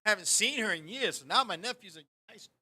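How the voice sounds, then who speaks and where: Speaking quickly in a high voice, a podcast host shares a humorous anecdote on his talk show. The chat is loose and full of profanity, and he animatedly plays the various people in the story.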